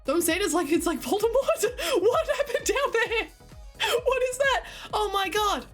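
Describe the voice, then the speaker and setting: A woman's voice: extremely high pitch, sing-song, moderate pace, faint music behind. An Australian woman streaming, chatting casually and giggling while she reads and answers her live chat. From Queensland, Australia.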